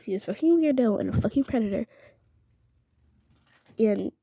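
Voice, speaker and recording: A woman's voice: a little high, lively intonation, moderate pace, mellow, dry recording. Indignant young woman, half-whispering. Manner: indignant, often drops to a whisper; rambling, many filler "like"s. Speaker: vlogger. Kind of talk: casual storytelling.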